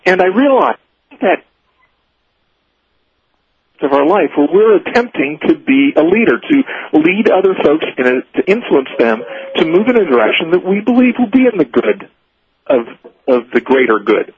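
A man's voice: on the high side, big pitch swings, moderate pace, slightly rough, no room sound. A middle-aged man giving a guest talk on a radio show, earnest and explaining his ideas point by point. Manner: earnest, teaching in numbered points. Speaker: leadership speaker guest. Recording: muffled dry radio broadcast audio.

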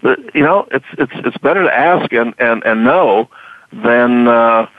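Man, casual chat, halting with repeated words, tinny phone line, dry sound. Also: mid-range voice, animated, no room sound. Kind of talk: casual conversational talk.

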